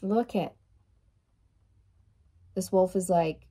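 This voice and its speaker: A woman gives a channeled tarot reading at an unhurried pace. Her voice is mellow and warm in tone, and she reassures the listener, repeating words to stress them. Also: on the low side, breathy edge. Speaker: tarot reader.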